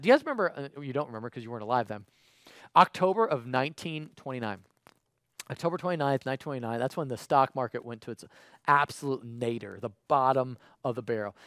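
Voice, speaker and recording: A man delivering a livestreamed sermon in a mid-range voice, talking to listeners like a friend before dropping into a low, earnest plea. The sound is dry and close, with no room around it. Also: no echo. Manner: conversational and emphatic, swinging between loud exclamations and quiet pleading. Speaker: preacher.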